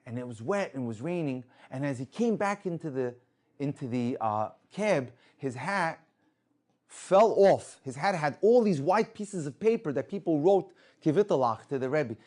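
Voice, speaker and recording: A man telling an inspirational religious story with lively delivery, acting out the people in it. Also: fairly high pitch, moderate pace. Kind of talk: inspirational story told to an audience.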